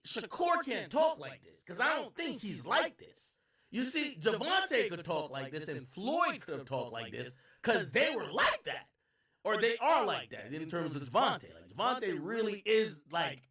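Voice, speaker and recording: A man hosting a livestream, giving loose, slangy reaction commentary. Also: high voice. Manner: animated, slangy, loose rambling talk. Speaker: livestream host. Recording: echoey, distant room sound.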